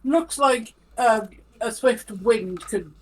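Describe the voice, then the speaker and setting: A woman playing a tabletop game, describing her character in a relaxed, hesitant way. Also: on the high side, slow pace, slight background noise, low-quality recording. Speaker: player. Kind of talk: tabletop role-play.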